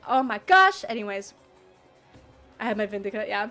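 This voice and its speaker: A woman streams and talks casually with viewers, her voice sitting in the mid range while faint music plays in the background. Her manner is animated and teasing, full of mock outrage and rapid laughter.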